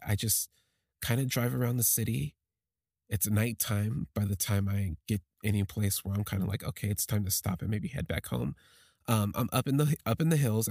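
A man telling a personal story on a podcast, halting and emotional, with many restarts. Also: lowish voice, gravelly, darkish tone, no room sound, studio quality.

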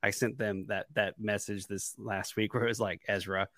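A man co-hosting a casual fan podcast, his low voice close and dry on the microphone. He talks with excitement, repeats words as he restarts and often breaks into laughter. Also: normal speed, dry recording. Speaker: podcast co-host.

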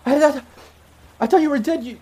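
A man voicing a tearful, frantic female rebel leader who finds her lost lover alive, in a high, breaking voice. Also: brisk, mellow. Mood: overjoyed, tearful. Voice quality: shrill and tearful.

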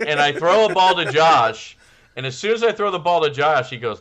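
A man's voice: fairly high pitch, brisk. A man co-hosting a casual comedy podcast, telling stories and acting out the quotes. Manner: animated storyteller, acts out quotes. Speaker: podcast co-host.

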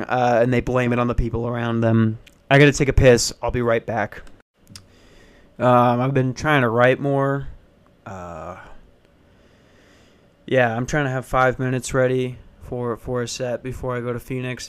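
A man's voice: mid-range voice, smooth. A young man, an aspiring stand-up comedian, rambling through a crude, darkly self-deprecating comic monologue.

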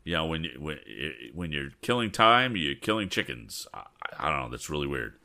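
A man's voice: extremely low pitch, very animated, normal speed, bright, forceful tone. A man reading an old adventure story aloud, breaking off for chatty asides. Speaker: reader.

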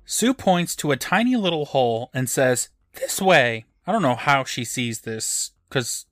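Podcast co-host, man, mid pitch, dry recording, deadpan recap. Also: moderate pace, dry recording. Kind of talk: casual recap chat.

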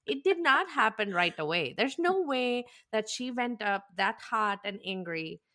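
A woman's voice: on the high side, lively intonation, a little slow, pushed and bright. A woman co-hosting a podcast, chatting casually about reality TV, with frequent exclamations and laughter. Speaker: podcast co-host. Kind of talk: casual chat recapping reality TV.

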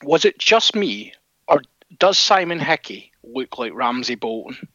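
A man co-hosting a rugby podcast, jokey and quick to laugh, on a dull lo-fi recording. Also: medium pitch, sing-song, bright, forceful tone, dry recording. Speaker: podcast co-host. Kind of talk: casual chat. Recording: dull lo-fi sound.

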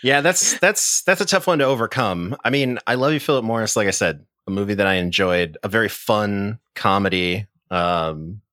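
A man's voice: on the low side, animated, normal speed, few pauses, fairly bright tone, no echo, studio quality. A man hosting a podcast, chatting easily and with amusement about films. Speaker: podcast host. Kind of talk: casual chat.

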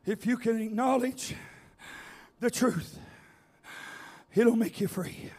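Revival preacher, high-pitched male voice, slow shouted delivery. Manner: shouting, chanting repeated phrases. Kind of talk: revival sermon.

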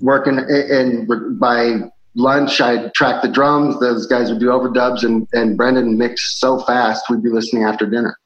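A man speaking as a musician guest in a casual interview, telling stories in a relaxed way with many fillers and restarts. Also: medium pitch, moderate pace. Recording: slightly dull, faint background noise.

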